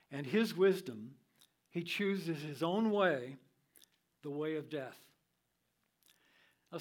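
An older man teaching from the Bible in a sermon style, reading scripture in a measured, deliberate way. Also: on the high side.

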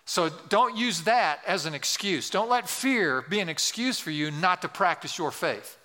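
A man's voice: sits high, expressive, a little slow, pushed and bright. A man in his sixties, a pastor delivering an emphatic sermon in a large church, repeating key phrases and asking the congregation questions. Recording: long reverb of a large hall.

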